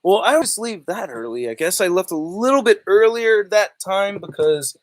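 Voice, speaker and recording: A man's voice: high-pitched, lively intonation, normal speed. A man hosting a casual live stream about toy collecting, rambling and joking, often laughing and repeating himself.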